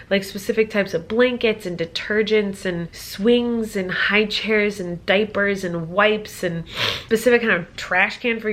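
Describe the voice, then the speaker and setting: Young woman vlogger, casual chatty delivery, mid pitch, lots of "like"; home office. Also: a bit bright. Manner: chatty, filler-heavy with lots of "like". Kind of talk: casual vlog chat.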